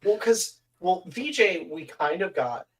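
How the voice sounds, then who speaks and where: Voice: mid-range voice, expressive, a little slow. A podcast co-host chatting casually, adding short remarks about an anime. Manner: brief agreeing interjections. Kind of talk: casual chat.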